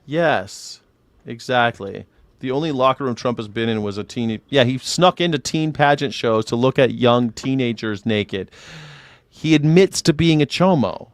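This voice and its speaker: A man hosting a casual political chat show, rambling, sarcastic and quick to swear. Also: mid-range voice, animated, no echo. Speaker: host.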